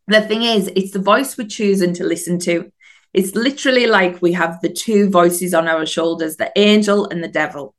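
A woman hosts a solo podcast on mindset, her voice sitting at an ordinary mid pitch. She coaches earnestly and warmly, building her case through a string of rhetorical questions. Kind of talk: solo motivational podcast talk.

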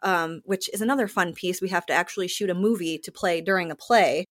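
A woman with a slightly low voice, an actor in the play, is a guest in a casual interview. She tells the story animatedly, a little fast, sometimes acting out other people's lines. The sound is dry and close with no echo.

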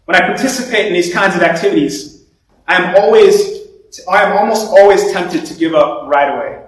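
A young man giving a sermon in a relaxed, conversational way, telling stories and often restarting his sentences. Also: sits high, moderate pace. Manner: conversational storytelling with repeated restarts. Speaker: preacher. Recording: very echoey room, voice from far off.

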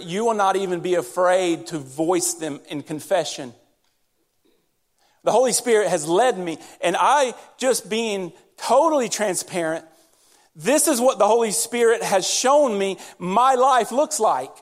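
A man preaching a sermon in church, talking directly and conversationally to his congregation as their pastor. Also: high voice. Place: church sanctuary during service.

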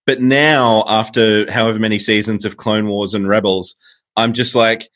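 A man's voice: on the low side, steady tone, normal speed, fairly bright tone. A New Zealand man co-hosting a podcast, talking casually with many fillers. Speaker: podcast co-host. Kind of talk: casual chat.

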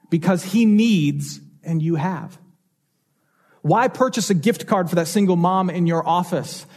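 A man's voice: sits high, darkish tone. A man preaching a sermon as pastor, telling stories and asking rhetorical questions with changing emphasis.

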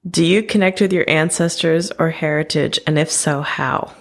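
A woman from the United States, speaking in a casual podcast chat and effusively affirming the other person with warm praise. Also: low-pitched, moderate pace. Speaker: podcast co-host.

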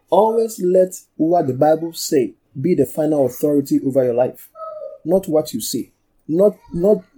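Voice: mid-range voice, dark tone, breathy edge. A pastor preaching and teaching from the Bible, repeating key phrases for emphasis, calling for amens and asking the congregation to read aloud. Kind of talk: sermon and Bible study.

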